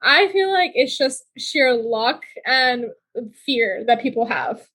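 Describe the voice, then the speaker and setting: A woman co-hosting a podcast in casual chat, animated, with a lot of "like" and some swearing. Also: sits high, takes it slowly. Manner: animated, uses a lot of "like" and swears when riled. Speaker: podcast co-host.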